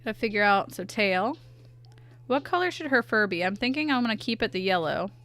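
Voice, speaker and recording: Drawing on a livestream, this young woman answers her chat out loud in a playful, casual way. She speaks a little fast in an expressive, mid-range voice with a bit of brightness.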